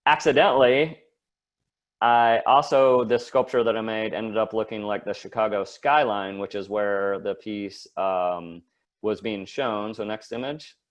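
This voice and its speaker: A man's voice: on the low side, steady tone, measured pace, lo-fi sound. A man giving a casual slide talk as a guest artist, rambling with many fillers and restarts.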